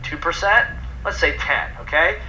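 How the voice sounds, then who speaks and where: A man's voice: a little high, moderate pace, bright, forceful tone, a little hiss or hum, poor audio. A man presenting a personal development program, talking emphatically and putting questions to his audience. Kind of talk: motivational seminar talk.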